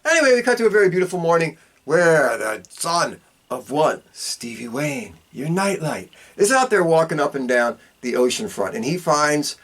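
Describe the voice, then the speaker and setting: Profane, animated man recapping a movie. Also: moderate pace. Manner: animated storytelling with big pitch swings; profane, repeats a catchphrase. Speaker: podcast host.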